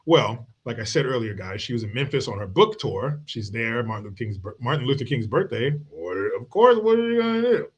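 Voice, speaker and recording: A man's voice: mid-range voice, animated, brisk, few pauses, slightly rough. A man hosting a commentary podcast, ranting in a blunt, mocking way with plenty of profanity. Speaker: podcast host. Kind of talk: political commentary rant.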